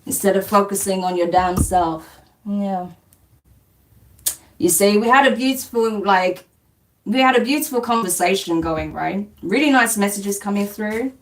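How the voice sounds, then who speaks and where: A woman's voice: medium pitch, a little slow. A woman hosting a spiritual live stream, chatting casually as she reads out comments, blunt and dismissive, swearing and laughing often. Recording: distant mic with faint background noise.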